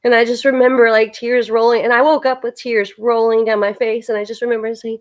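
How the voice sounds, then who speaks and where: A woman's voice: on the high side, little pitch movement, fairly quick, hardly any pauses. A woman hosting a casual spiritual chat on a live stream, earnestly telling a long personal story. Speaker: host.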